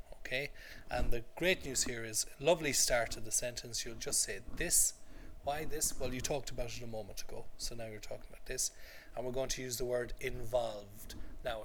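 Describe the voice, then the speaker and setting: A man's voice: medium pitch, fairly bright tone, a little hiss or hum. A man teaching an English class to adult learners, patient and repetitive, checking in often with the students. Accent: native English. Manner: patient, repeats phrases, checks understanding with "okay?".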